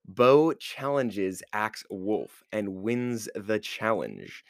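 A man's voice: fairly low pitch, no echo, clean studio sound. A man hosting a podcast, recapping a show episode casually with lots of filler words. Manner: rambling, heavy on filler words. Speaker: podcast host.

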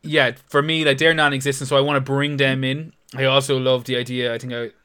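A young man co-hosting a casual podcast, ranting with lots of swearing and animated outbursts. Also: mid-range voice, brisk, clear, resonant tone. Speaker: podcast co-host.

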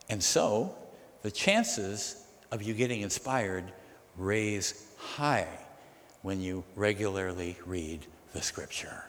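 Male pastor, mid-pitched, lively sermon delivery that questions the room, recorded with long hall reverb. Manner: animated, asks the congregation questions.

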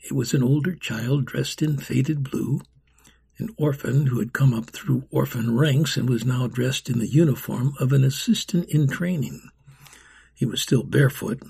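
Gravelly, husky man reading a story. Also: mid-range voice, moderate pace, warm tone. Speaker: narrator. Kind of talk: storybook narration.

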